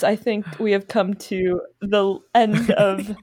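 A woman co-hosts a casual podcast among friends. She laughs easily and rambles through her wrap-up with fillers. Her voice sits at an ordinary, middling pitch. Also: flat delivery, slow pace, darkish tone. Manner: giggly, loose sign-off with trailing fillers. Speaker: podcast co-host.

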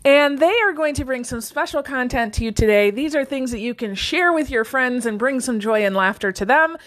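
A woman's voice: high voice, animated, a little fast, a bit bright. A middle-aged woman hosting a casual video, cheerful and encouraging, laughing often between lines. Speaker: host. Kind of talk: casual upbeat video intro.

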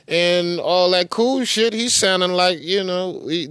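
A man on a podcast rants with crude street slang and heavy profanity, repeating the words of the clips back in mockery. His voice sits a bit high. The sound is dry and close. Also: fairly even intonation, moderate pace, hardly any pauses, a bit bright, clear, resonant tone, no echo. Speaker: podcast host. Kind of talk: profane commentary rant over played clips.

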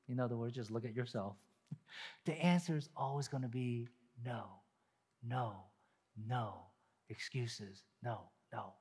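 A man preaching a sermon to a camera, animated and acting out people's excuses in quoted voices. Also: mid-range voice, in a large hall. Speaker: pastor. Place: empty room with long reverb.

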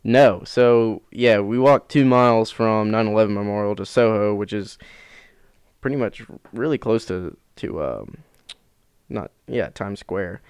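A man's voice: lowish voice, measured pace, darkish tone, clean tone, no room sound. A man co-hosting a podcast, chatting casually and teasing his friend with jokes. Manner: joking, teasing banter. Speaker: podcast co-host. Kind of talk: casual chat.

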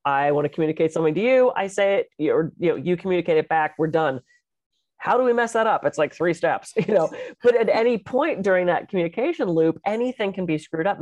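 A middle-aged woman co-hosting a podcast, chatting casually as an animated, expressive storyteller. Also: lowish voice, no room sound, highs cut off. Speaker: podcast co-host and public speaker. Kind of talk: casual conversational chat.

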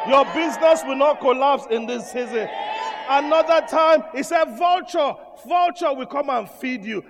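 High-pitched preacher man shouting declarations. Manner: shouted declarations with call-and-response repetition. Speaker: pastor. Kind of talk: sermon. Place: church. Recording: echoey church hall with congregation. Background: congregation responding.

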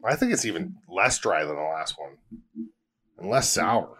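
Lively husky man in casual chat. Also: low voice, normal speed. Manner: animated, swearing, laughing. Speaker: podcast co-host.

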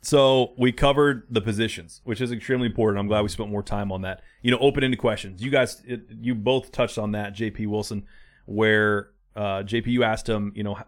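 A man's voice: fairly low pitch, fairly even intonation, brisk. A man in his thirties co-hosting a podcast, talking in a rambling, casual way about his kids. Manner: rambling, acts out his kids' voices. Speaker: podcast co-host. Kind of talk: casual chat.

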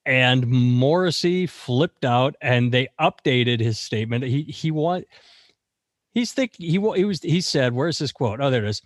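A man's voice: expressive, unhurried, dry recording, clean studio sound. Sarcastic man hosting comedic news chat. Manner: sarcastic, swings high when mocking. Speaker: podcast co-host. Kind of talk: casual comedic news banter.

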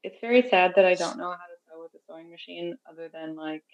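This woman co-hosts a relaxed chat show with a voice sitting on the low side. Her sound comes through slightly dull and lo-fi. She rambles along easily, with plenty of fillers. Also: fast talker. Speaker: podcast co-host. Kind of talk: casual chat.

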